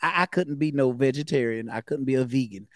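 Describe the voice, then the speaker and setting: A man's voice: medium pitch, brisk, no echo, clean studio sound. A man from the American South, co-hosting a podcast in loose, rambling, jokey casual chat. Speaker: podcast co-host.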